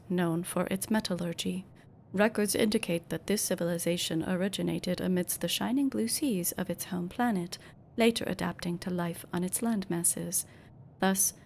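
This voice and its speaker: A woman's voice: fairly low pitch, gravelly, a little mellow, slight background noise. A woman voicing a polite service robot waiter in a video game who reads out stiff protocol reports.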